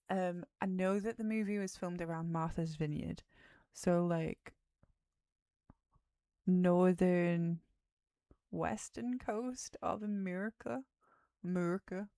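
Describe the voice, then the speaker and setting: A woman's voice: lowish voice, fairly even intonation, slow, vocal fry, long pauses, mellow, no echo, studio quality. A tired woman streamer, rambling in casual chat about a film and sometimes dropping to a whisper. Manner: rambling, drifts off topic, drops to a whisper at times. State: tired, yawning. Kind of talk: casual movie chat on a livestream.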